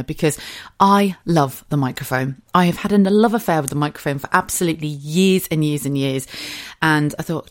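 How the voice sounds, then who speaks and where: Chatty woman in her forties, low voice. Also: fairly quick. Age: 40s. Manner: chatty, candid, swears freely, acts out quotes. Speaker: podcast host. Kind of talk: casual chat.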